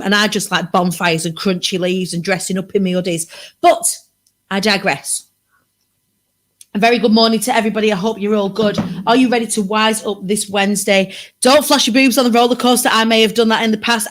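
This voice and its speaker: A British woman hosts a casual livestream from her sofa at home, bubbly and chatty, wandering off into rambling asides. Her voice sits at a medium pitch with a steady, slightly bright tone, and she talks fairly quickly.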